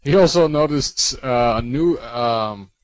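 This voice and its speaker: A man's voice: medium pitch, slow pace. A man co-hosting a casual gaming podcast, reading listener submissions in a loose, chatty way. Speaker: podcast co-host. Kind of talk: casual chat.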